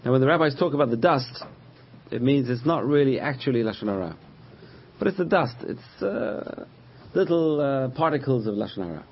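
A man teaching a religious lesson, patiently explaining terms, repeating key words and pausing with frequent uh's. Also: mid-range voice, lively intonation, husky, dull audio. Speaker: Torah teacher.

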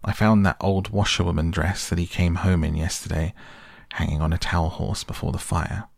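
A man's voice: sits low, steady tone, moderate pace, vocal fry, dry recording, studio quality. A man doing a gleeful, cheeky mole. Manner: gleeful, chatty. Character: cheeky, excitable young male mole.

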